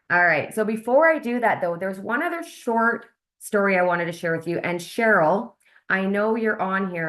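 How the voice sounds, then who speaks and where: Brief: woman host on a video call, lower-pitched, upbeat, chatty, talks straight to viewers. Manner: upbeat, chatty, questions the audience directly. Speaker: host of a wellness sales webinar. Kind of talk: live video call presentation.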